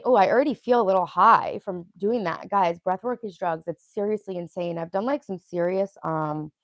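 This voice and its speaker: A woman's voice: fairly low pitch, gravelly, dry recording, studio quality. A young woman hosting a casual livestream, chatting in a rambling way and answering viewers' comments. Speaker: livestream host.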